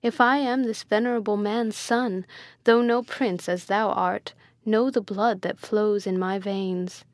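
A woman's voice: medium pitch, fairly even intonation, unhurried, dry recording, studio quality, lightly acted. A woman reading the part of an earnest, proud young man, speaking with dignity. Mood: indignant. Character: young noble male youth, proud and indignant.

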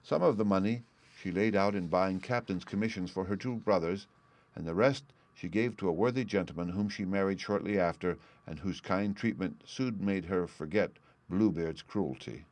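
A man with a fairly low voice reads a fairy tale aloud in a measured, steady storybook manner. The sound is dry and close, with no room around it. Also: no echo. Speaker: audiobook reader. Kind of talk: storybook narration.

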